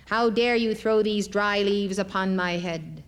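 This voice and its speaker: A man's voice: high voice, a little slow, clean tone. A woman voicing a proud, short-tempered young yogi. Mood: indignant. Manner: indignant, demanding.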